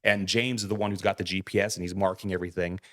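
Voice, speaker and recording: Lower-voiced man telling a story. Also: very fast. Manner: animated retelling, acts out quoted lines, swears freely. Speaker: podcast co-host. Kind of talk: casual storytelling.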